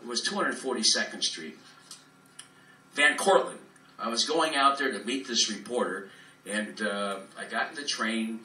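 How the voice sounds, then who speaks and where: A man with a lowish, bright voice and a forceful tone does a live stand-up set at normal speed, launching into a profane, rambling, ad-libbed rant. He performs in a club room before an audience. The distant mic picks up roomy echo and faint room noise.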